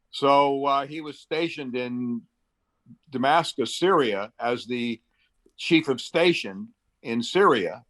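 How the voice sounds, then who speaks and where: A man in his seventies, raised in the Middle East, speaks as an interview guest in a mid-range, slightly bright voice. He's chatty and brisk, telling anecdotes packed with fillers and acting out the quotes in his stories.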